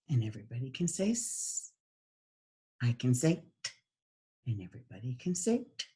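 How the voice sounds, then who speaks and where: A woman teaching an online diction class, speaking animatedly and exaggerating sounds to demonstrate them. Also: sits low.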